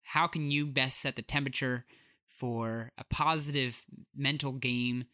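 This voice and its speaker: Brief: chatty male co-host, bright voice, dry close sound. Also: medium pitch, steady tone, a little slow, no echo. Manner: chatty, lots of "like" and "uh". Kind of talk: casual chat.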